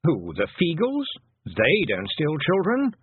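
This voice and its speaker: Guy doing a mopey toad, slow and hesitant, husky, tinny phone-ish sound. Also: medium pitch, sing-song, no echo, exaggerated voice. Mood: mournful. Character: gloomy talking male toad, mournful and cautious. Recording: dry, phone-like narrow sound.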